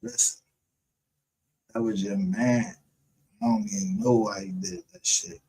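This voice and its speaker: A man's voice: lowish voice, steady tone, a little slow, dark tone, husky, poor audio. A man hosting a livestream, rambling in casual, profane commentary and laughing often. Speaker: livestream show host.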